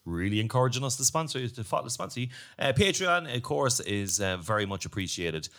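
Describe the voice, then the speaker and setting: A man's voice: medium pitch, brisk. A man hosting a football podcast in casual, joking chat. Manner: jokey, loose and lively. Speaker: podcast host.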